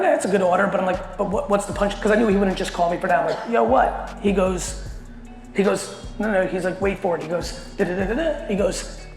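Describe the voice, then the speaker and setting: A middle-aged man telling a story in a talk to a company audience, animated and full of swearing. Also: sits high. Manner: profane, animated, fast storyteller. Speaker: keynote speaker. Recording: echoey hall with long reverb, faint music.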